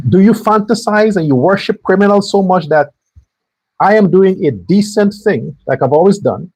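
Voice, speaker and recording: A man delivers a political monologue as a show host, blunt, foul-mouthed and openly angry. His voice is pitched high for a man and has a husky grain. He hammers his points home by saying them again and again. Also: a little mellow, poor audio. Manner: angry, blunt and profane, hammering phrases by repetition.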